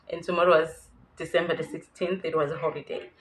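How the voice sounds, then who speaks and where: A woman's voice: on the low side, fairly even intonation, fast talker, hardly any pauses, slight background noise, poor audio. A young South African woman with a South African accent, candidly telling a personal story to her viewers and laughing nervously at times. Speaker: YouTuber. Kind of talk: storytime vlog.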